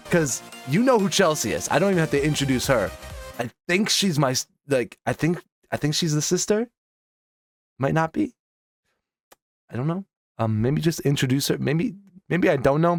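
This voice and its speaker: A man's voice: medium pitch, no room sound. A young man doing comedic reaction commentary, exasperated and sarcastic, swearing through his rants. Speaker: commentary YouTuber.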